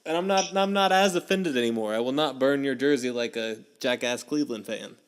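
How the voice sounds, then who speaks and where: A man's voice: medium pitch, a little fast, clean tone. A young man hosting a casual sports podcast, telling stories with a lot of energy and acting out his own past reactions. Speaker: podcast host.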